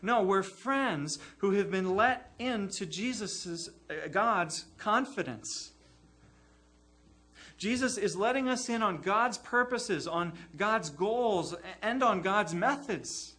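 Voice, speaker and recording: A man preaching with a high, bright voice that carries clearly. He sounds earnest and emphatic, stacking repeated phrases to drive each point home in a sermon. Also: animated, slow. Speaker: pastor.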